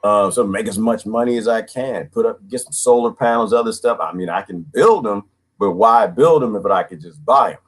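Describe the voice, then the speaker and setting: A man's voice: on the low side, normal speed. A middle-aged man hosting a casual livestream, reading comments aloud and talking straight to his viewers. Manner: animated, talks to viewers and reads comments aloud. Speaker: livestream host.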